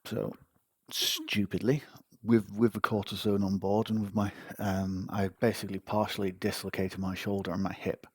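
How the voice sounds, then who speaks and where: A man's voice: fairly low pitch, level tone, moderate pace, slightly rough, dry recording. A man hosting a podcast, telling a personal story in a casual, wry, self-mocking way. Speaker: podcast host.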